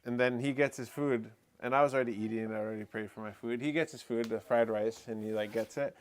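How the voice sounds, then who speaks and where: A man hosting a live talk stream, telling a story in a relaxed, rambling way full of fillers. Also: mid-range voice, fast talker. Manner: relaxed, rambling, lots of fillers like "you know" and "eh". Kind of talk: casual storytelling chat.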